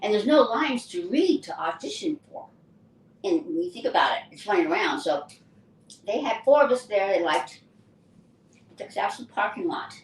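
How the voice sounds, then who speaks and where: An older actress telling stories from her career in a lively, chatty way. Her voice sits at a medium pitch. She is picked up from some distance in an echoey room with faint ambience behind her. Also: moderate pace, long pauses, a little hiss or hum. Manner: lively anecdotal storyteller. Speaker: actress and guest. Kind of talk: casual interview storytelling.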